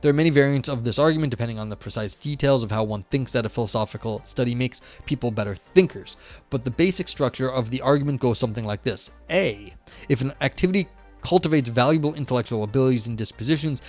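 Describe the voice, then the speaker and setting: A man's voice: mid-range voice, fast talker, soft background music. A young man hosting a live stream, reading a philosophy paper aloud and breaking off into skeptical, offhand commentary. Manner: reads aloud, then breaks off into wry, skeptical asides. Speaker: livestream host reading a paper.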